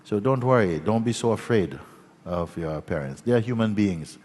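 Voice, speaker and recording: A man with a very low, husky voice leads a satsang, telling his story gently and meanderingly, full of restarts and little tag questions. His voice rings out in a big hall with a long reverb. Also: lively intonation, moderate pace. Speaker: spiritual teacher. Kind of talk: satsang talk.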